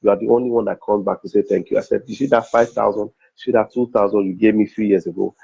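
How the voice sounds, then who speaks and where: A man's voice: on the low side, steady tone, quick pace, vocal fry, mellow, slightly rough. A middle-aged man with a Nigerian accent, a comedian and MC telling personal stories in an interview, acting out dialogue and repeating phrases for emphasis. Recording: dull, slightly lo-fi recording.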